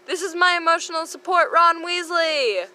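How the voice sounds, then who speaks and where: A melodramatic teenage boy hero , voiced by a woman, makes shrill, very high declarations. The read is bright and comic, from a fan comic dub. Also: normal speed. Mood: proud.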